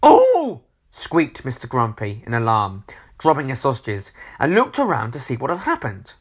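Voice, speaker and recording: A man reading a children's storybook aloud, expressive, asking the listener questions. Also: mid-range voice, moderate pace, husky.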